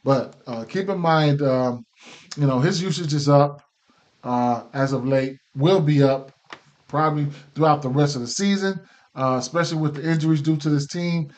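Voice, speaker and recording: Hosting a laid-back sports betting picks show, a man with a slightly high, darkish voice speaks at a normal speed through a case of hiccups. His delivery is loose and filler-heavy, with frequent restarts and repetition.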